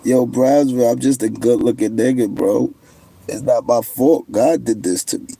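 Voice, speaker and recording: Gravelly brash New man streaming. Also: mid-range voice, moderate pace, mellow. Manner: brash, boastful trash talk. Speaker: livestream host. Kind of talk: casual livestream chat, answering viewers.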